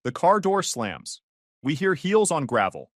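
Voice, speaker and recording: Sardonic male storyteller, lively pitch. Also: unhurried, no echo, studio quality. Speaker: narrator. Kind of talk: first-person story narration.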